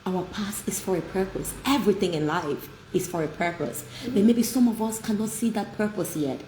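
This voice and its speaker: A woman's voice: mid-range voice, normal speed. A woman hosting an inspirational talk, telling stories in an emphatic, heartfelt way. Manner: warm, emphatic storytelling. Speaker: host. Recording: echoey room with light noise.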